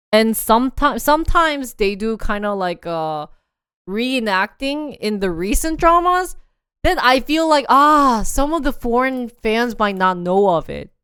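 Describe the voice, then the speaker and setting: Young woman, lively livestream chat, smooth clear voice, dry close sound, bouncy delivery. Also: on the high side, dry recording. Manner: animated, laughs often, acts out scenes in voices. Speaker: live streamer.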